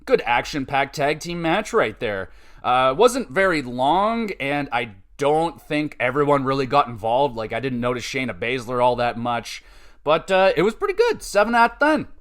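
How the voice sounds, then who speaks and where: A man's voice: medium pitch, animated, moderate pace, fairly bright tone. Chatty man recapping wrestling. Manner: chatty, recaps matches and gives scores with offhand asides. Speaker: podcast host.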